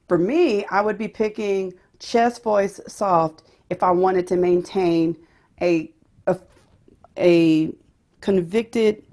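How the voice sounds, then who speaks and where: A woman's voice: on the low side, darkish tone. Woman, vocal pedagogy teacher, explains and demonstrates voices.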